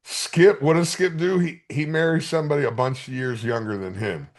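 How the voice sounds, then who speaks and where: A man's voice: on the high side, normal speed. A man in his fifties hosting a podcast, chatting casually with friends and telling stories in a profane, joking way. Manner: profane, joking, animated storyteller. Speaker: podcast host.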